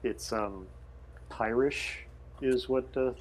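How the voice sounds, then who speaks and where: A man's voice: medium pitch, takes it slowly, slight background noise. A man playing a tabletop game, chatting and joking with the table. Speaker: player. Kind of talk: casual game chat.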